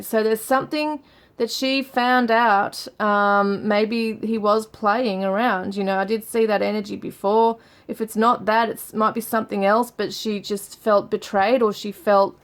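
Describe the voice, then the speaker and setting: A woman giving a relaxed tarot reading, musing aloud with frequent fillers as she reads out card messages. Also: mid-range voice, measured pace. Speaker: tarot reader. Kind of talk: casual tarot reading for viewers.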